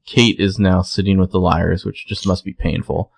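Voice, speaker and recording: Deep gravelly man retelling a plot. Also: moderate pace, dry recording. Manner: relaxed storytelling, acts out quotes. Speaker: podcast co-host. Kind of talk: casual recap chat.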